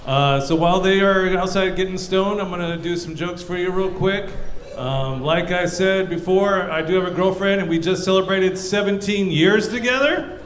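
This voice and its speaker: A man's voice: high-pitched, normal speed, fairly bright tone. A man doing a profane stand-up comedy set on a comedy club stage, acting out both sides of his stories. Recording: roomy club with audience noise. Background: audience laughter.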